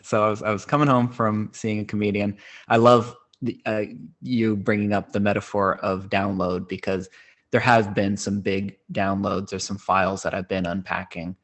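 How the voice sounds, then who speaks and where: Low-voiced man in his thirties telling a story. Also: little pitch movement, moderate pace, fairly bright tone. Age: 30s. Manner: rambling, many fillers and restarts. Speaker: podcast host. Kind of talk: casual storytelling.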